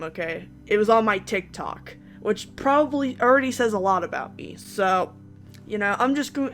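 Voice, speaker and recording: A woman's voice: medium pitch, fairly bright tone. A young woman playing a story game, reading it aloud and making chatty, self-mocking comments. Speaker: gamer.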